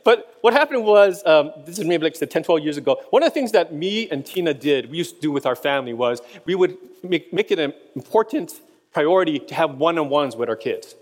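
A man's voice: a little high, animated, brisk, big-room sound. A middle-aged man preaching a sermon, telling stories and chuckling between points. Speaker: pastor.

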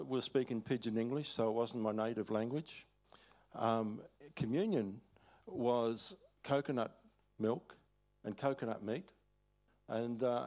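An older Australian man gives a sermon at church, speaking in a folksy, storytelling way. His voice sits at an ordinary middle pitch. He often chuckles and stops to restart his thoughts. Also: darkish tone. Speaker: preacher. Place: church hall.

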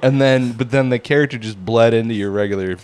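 A man co-hosting a podcast, making dry, deadpan jokes in casual banter. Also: mid-range voice, quick pace, clear, resonant tone. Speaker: podcast co-host.

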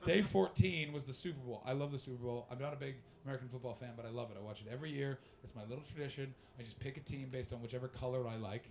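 A man's voice: mid-range voice, rapid-fire, vocal fry, few pauses. A young Canadian man doing stand-up, telling loose, profane stories and chatting with the crowd. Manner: loose, profane, animated storytelling. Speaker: stand-up comedian. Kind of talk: stand-up crowd work and storytelling.

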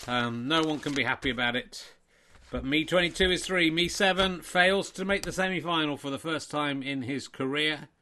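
A man's voice: fairly high pitch, moderate pace, pushed and bright. A man hosting and giving a playful, self-mocking mock sports commentary.

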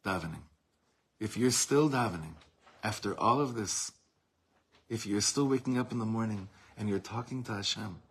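A man's voice: on the low side, a bit bright, husky. A man, a rabbi, giving an impassioned lesson, mixing Hebrew phrases into his English and swelling in volume at dramatic peaks. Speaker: rabbi teaching a class.

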